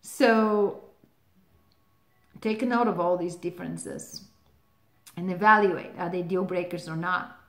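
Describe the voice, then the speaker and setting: A woman's voice: on the low side, takes it slowly, pauses often. A woman hosting a relationship advice channel, talking casually to the camera, laughing often and using lots of "like" fillers. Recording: roomy echo.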